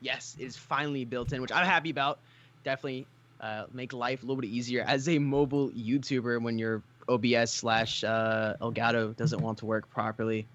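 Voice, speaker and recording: A man's voice: medium pitch, fairly even intonation, brisk, a bit bright, muffled recording. A man co-casting a mobile esports match, chatting casually and rambling between plays, a bit tired. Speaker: co-caster and mobile gaming YouTuber. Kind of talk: live casual commentary.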